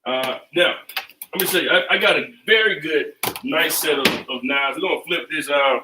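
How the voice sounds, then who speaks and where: A man's voice: fairly high pitch, moderate pace, background noise. A man hosting a casual cooking livestream from his home kitchen, talking loosely and repeating phrases like a chant. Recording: echoey kitchen, mic at a distance.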